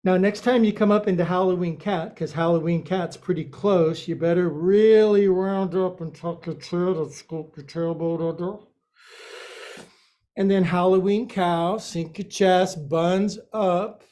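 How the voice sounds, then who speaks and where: Playful, soft-toned yoga teacher man. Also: sits high, steady tone, measured pace. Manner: playful, jokey instruction with silly sound effects. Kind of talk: guiding a yoga class.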